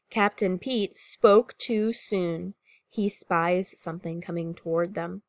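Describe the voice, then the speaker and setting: A woman's voice: lowish voice, slow, no room sound. A woman teacher reading a picture book aloud to pupils and explaining what the story shows. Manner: warm, clear classroom explaining.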